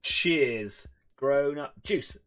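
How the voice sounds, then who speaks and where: A man's voice: medium pitch, animated, extremely slow, a bit bright, faint music behind. Chatty man hosting a stream. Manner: chatty, rambling, self-deprecating. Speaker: host of an online painting club stream. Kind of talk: casual live-stream chat.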